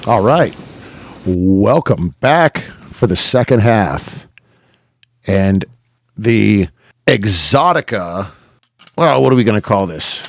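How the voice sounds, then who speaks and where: A man co-hosting a podcast, chatting casually in a low voice. He is laid-back and often stumbles, restarts and drops in "yeah". The recording is close and dry. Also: animated, slow pace, vocal fry, long pauses, no echo. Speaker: podcast co-host. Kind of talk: casual chat.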